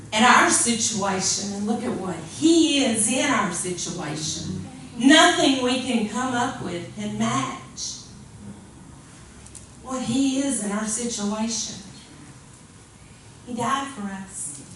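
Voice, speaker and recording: A woman's voice: fairly high pitch, fairly bright tone. A woman preaching a sermon in an earnest, conversational way, often repeating her phrases. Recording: echoey room, far from mic, faint hiss.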